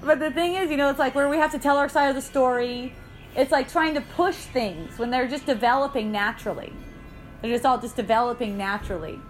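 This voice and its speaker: A woman's voice: high voice, a little fast, faint music behind. A woman leading an in-person spiritual dialogue, telling light anecdotes with frequent laughter and quoted voices. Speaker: spiritual teacher. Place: indoor gathering room.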